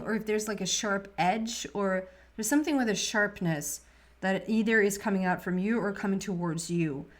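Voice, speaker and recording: A woman giving a monthly tarot reading in a soft, meandering way, often trailing off and restarting her sentences. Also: medium pitch. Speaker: tarot reader.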